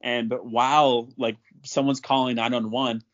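Man, young adult, from North Dakota, podcast guest, animated story, average pitch. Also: unhurried. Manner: animated, laughs often while telling. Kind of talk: casual storytelling. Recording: slightly muffled lo-fi audio.

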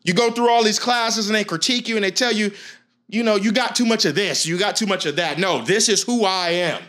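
High, bright-voiced passionate motivational man. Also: fairly quick. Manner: gritty, passionate, preacher-like emphasis. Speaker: motivational speaker. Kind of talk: motivational talk to camera.

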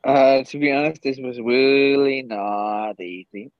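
A man's voice: medium pitch, measured pace, no room sound, dull audio. A man whose first language is German, a podcast guest, who talks emphatically and bluntly and swears often. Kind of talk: candid podcast conversation.

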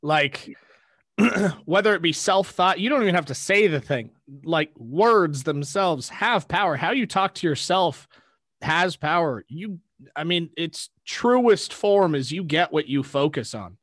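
A man's voice: fairly high pitch, expressive, measured pace, a bit bright, no echo, clean studio sound. A man hosting a podcast, speaking in an earnest, reflective way in a casual conversation.

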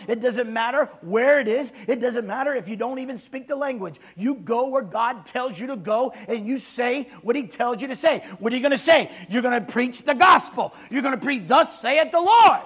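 A man's voice: extremely high pitch, fairly bright tone, breathy edge. A man preaching a sermon as pastor, emphatic and calling for responses from the congregation.

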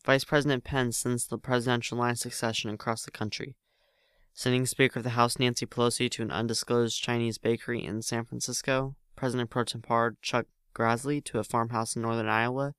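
Guy reading a story out loud, clear smooth voice, trips over words sometimes. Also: medium pitch, level tone, fairly quick, no room sound, clean studio sound. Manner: plain reading with frequent slips and restarts. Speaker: narrator. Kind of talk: amateur read-aloud story narration.

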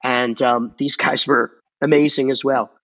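Record store owner, male guest, halting rambling chat, dull lo-fi audio. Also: mid-range voice, fairly even intonation, sharp tone. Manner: rambling, halting with many restarts and fillers. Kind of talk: casual conversation.

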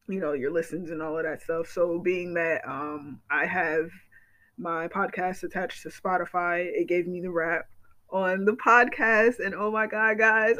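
A man hosting his own podcast in casual solo chat, excitable and gushing, repeating himself and swearing freely. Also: high-pitched, poor audio. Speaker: podcast host.

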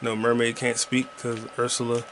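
A man rambles through casual, profane commentary while he plays a video game. His pitch sits in the middle of the male range. A faint hum runs underneath. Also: completely flat delivery, brisk, fairly bright tone. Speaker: podcast host playing a video game.

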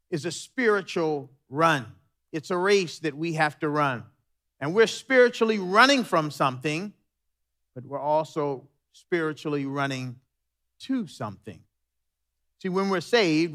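A male pastor preaching a sermon, animated and full of storytelling. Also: fairly high pitch.

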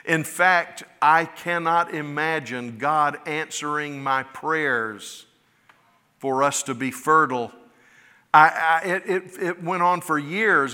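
A man's voice: fairly high pitch, slow pace, pushed and bright. A middle-aged man from West Florida, preaching a sermon, often rising to emphatic, impassioned cries. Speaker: pastor. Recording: long hall reverb.

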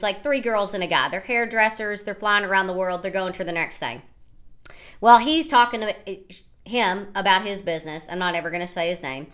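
A woman in her thirties from the United States, hosting a podcast and telling a personal story in an animated, rambling way, often quoting what others said. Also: mid-range voice. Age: 30s. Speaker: podcast host. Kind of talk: casual storytelling monologue.

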